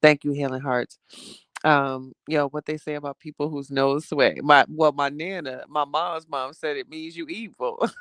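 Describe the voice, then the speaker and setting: A man from New Jersey chatting heartfelt and casual on a home live stream, reading out his chat and breaking into loud exclamations. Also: on the high side, steady tone, normal speed, smooth, no room sound.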